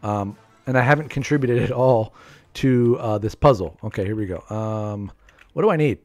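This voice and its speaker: With faint music playing behind him, a man in his thirties hosts a live game stream from a room at home. His fairly low voice moves at a moderate pace into a desk mic as he jokes around, laughs, and repeats himself.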